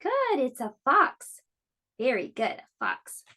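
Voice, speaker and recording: A woman teaching an online preschool lesson, speaking slowly and encouragingly to small children. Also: sits high, huge pitch swings, sharp tone. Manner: slow, encouraging, clearly explaining to small children.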